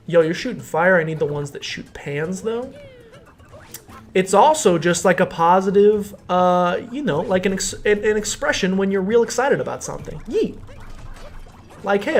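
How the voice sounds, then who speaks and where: A young man streaming a game, rambling jokily with mock-serious explanations, faint game music behind. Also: sits high. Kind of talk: casual gameplay commentary.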